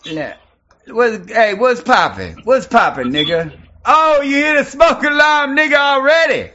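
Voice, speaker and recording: A man in online voice chat, taunting others and shouting in mock voices. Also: very high-pitched, lively intonation, measured pace, dull audio. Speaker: voice chat troll.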